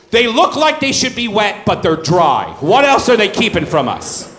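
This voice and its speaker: High, lively stand-up comic man in a club. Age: 30s. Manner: deadpan storytelling with crude asides. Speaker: stand-up comedian. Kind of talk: stand-up comedy set. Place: comedy club stage. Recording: roomy club sound with faint crowd noise. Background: audience laughter.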